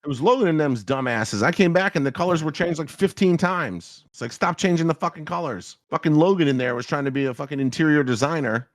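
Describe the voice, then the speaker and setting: A man's voice: fairly high pitch, fast, hardly any pauses, no echo, studio quality. A man hosting a casual trading livestream, joking and swearing with his co-host. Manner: brash, profane, joking.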